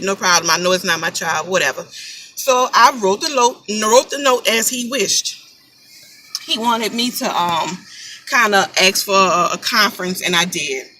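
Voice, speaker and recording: A woman's voice: medium pitch, bright, forceful tone, a little hiss or hum, poor audio. A mother casually telling a story to camera, chatty and emphatic, repeating phrases for weight.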